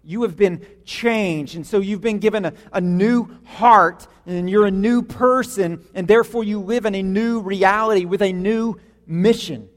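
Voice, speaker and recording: A man's voice: sits high, normal speed, few pauses. A man preaching a sermon as pastor, emphatic, repeating words for stress, in a church sanctuary. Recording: long hall reverb.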